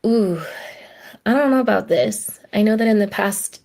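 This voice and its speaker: A woman's voice: mid-range voice, normal speed, darkish tone. A woman hosting her own podcast, talking in a heartfelt, conversational way and acting out the voices she quotes. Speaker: podcast host. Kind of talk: reflective solo podcast talk.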